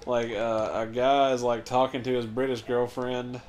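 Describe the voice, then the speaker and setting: A man's voice: medium pitch, flat delivery, normal speed, a little mellow. A young man co-hosting a let's play, chatting casually, rambling and swearing, laughing as he tells stories. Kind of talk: casual gaming chat.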